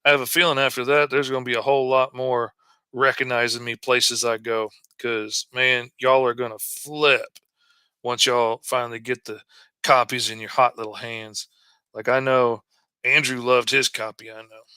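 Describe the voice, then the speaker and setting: A man's voice: mid-range voice, sharp tone, clear, resonant tone, dry recording. A middle-aged man, telling a folksy story as he draws. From Arkansas. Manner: folksy and chatty, drawls out stories. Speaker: comic artist streaming while drawing. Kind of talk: casual storytelling while drawing.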